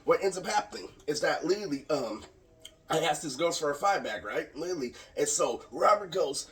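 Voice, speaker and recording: A man's voice: fairly high pitch, lively intonation, normal speed, a bit bright. A young man telling a long, rambling story in a casual vlog, swearing and saying "literally" again and again. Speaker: vlogger. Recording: voice distant from the mic.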